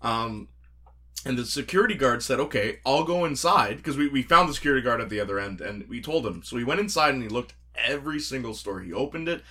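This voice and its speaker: Bright-voiced animated man. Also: mid-range voice, fast. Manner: animated, laughing storyteller acting out quotes. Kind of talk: casual storytelling chat.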